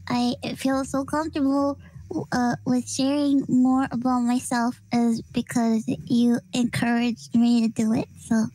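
A woman's voice: a little high, warm tone. A young woman streaming live, chatting shyly and hesitantly with many fillers. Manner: shy and hesitant, full of fillers. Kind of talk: casual chat on a live stream.

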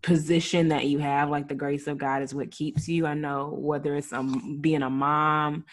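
A woman's voice: low voice, flat delivery, normal speed. A woman in her thirties, a mother, hosting a podcast and speaking in a conversational, slightly hesitant way. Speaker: podcast host.

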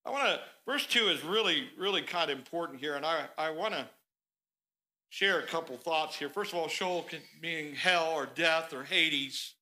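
A man preaching a sermon in a church, telling the story in an animated, conversational way. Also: fairly high pitch, moderate pace, poor audio. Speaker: pastor. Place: church sanctuary.

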